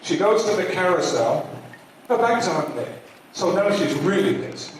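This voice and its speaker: An older man tells one joke after another, his fairly high voice bouncing lively up and down as he acts out each character. It is recorded from far off in a very echoey hall, with faint noise underneath. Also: normal speed. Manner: lively storyteller who acts out every voice. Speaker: joke teller at a community show. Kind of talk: stand-up joke telling.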